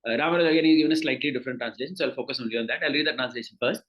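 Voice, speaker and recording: A man's voice: medium pitch, very fast, hardly any pauses, fairly bright tone, muffled recording. A man with an Indian accent teaching a scripture class, explaining patiently with many fillers and repeated words.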